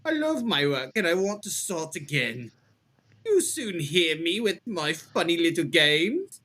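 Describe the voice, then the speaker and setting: A man's voice: fairly high pitch, big pitch swings, bright, forceful tone, heavily acted. Man putting on a cackling British Victorian killer. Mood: gloating. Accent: put-on British. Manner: mocking, cackling, halting read. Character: gleeful male Victorian killer writing taunting letter. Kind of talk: dramatic letter reading.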